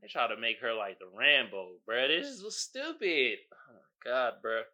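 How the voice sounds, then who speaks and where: A man hosting a casual solo podcast, riffing in an animated, exasperated way with lots of slang and laughter. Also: mid-range voice, moderate pace, muffled recording. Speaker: podcast host.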